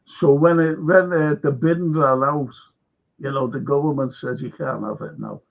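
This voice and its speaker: A man's voice: on the high side, fairly even intonation, moderate pace, gravelly, lo-fi sound. A man with a Liverpool accent hosting a live stream, telling a rambling story that is full of swearing and heated outbursts. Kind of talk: casual rant to a live stream.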